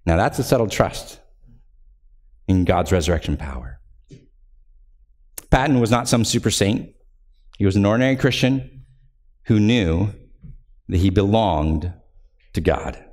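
An expressive male pastor with a darkish tone preaches an earnest sermon, rising to fervent emphasis over scripture and slowing to a low ending on each phrase.

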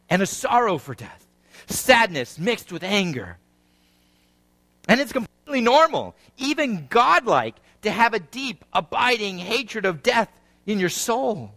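Expressive high-pitched male preacher. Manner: expressive preaching, rising and falling intensity; reads scripture, then explains it. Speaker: pastor. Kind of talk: sermon.

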